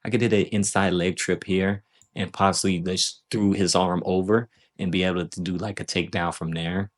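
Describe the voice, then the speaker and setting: A man's voice: low voice, fairly even intonation, moderate pace. A man casually breaking down footage of his own grappling match, loose and self-critical, often checking in with "right?".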